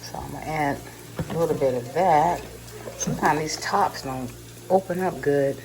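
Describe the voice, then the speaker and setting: A woman's voice: low voice, moderate pace, darkish tone, poor audio. A middle-aged woman from California chatting casually to her vlog viewers, rambling and laughing at herself. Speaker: vlogger. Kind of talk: casual chat to camera. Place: car, then home kitchen. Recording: car noise in background.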